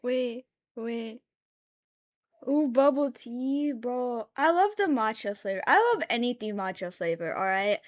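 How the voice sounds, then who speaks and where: A young woman streaming while she draws, rambling and thinking aloud, with sudden loud, excited bursts. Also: on the high side, unhurried. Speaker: art streamer. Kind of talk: casual live-stream chat while drawing.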